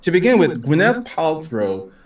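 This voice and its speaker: Animated man, echoey and distant. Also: on the high side, moderate pace, a loud crowd. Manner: animated storyteller, acts out quotes. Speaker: podcast co-host. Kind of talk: casual chat. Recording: echoey room, distant mic.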